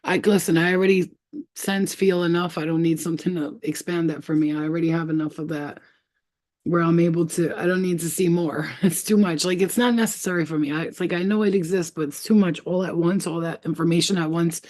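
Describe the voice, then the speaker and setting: A woman's voice: on the low side, steady tone, a little fast, darkish tone. A young woman telling a spiritual story to her phone camera in casual, slangy speech, swearing and laughing often. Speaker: spiritual vlogger.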